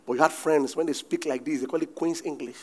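A middle-aged man with a Nigerian accent, preaching a sermon as a pastor with animated delivery and bursts of shouting. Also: on the high side, fast talker, a little hiss or hum.

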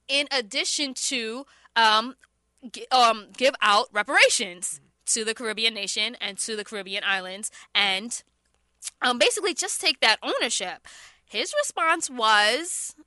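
Woman talk radio host, bright voice, dry studio sound, chatty. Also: on the high side, dry recording. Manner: chatty, laughs often.

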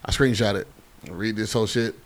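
A man hosting a podcast, casually bantering and telling stories loudly and jokingly with friends. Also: fairly low pitch, steady tone. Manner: fast, loud, joking storyteller. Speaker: podcast host.

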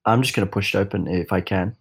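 A man's voice: low voice, quick pace, gravelly, breathy edge. A man playing a tabletop game, thinking aloud hesitantly with many restarts. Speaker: player. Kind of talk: casual tabletop game play.

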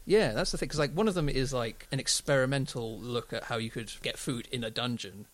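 A man's voice: mid-range voice, a little fast, fairly bright tone. Chatty young man riffing with a laugh. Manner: rambling, laughing, quotes people in silly voices. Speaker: podcast co-host. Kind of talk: casual chat.

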